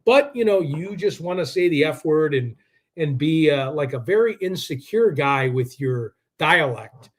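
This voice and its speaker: A man's voice: a little high, animated, a little slow. A man hosting a live true-crime stream, rambling and combative, with lots of filler words. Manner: rambling, combative, heavy use of "like".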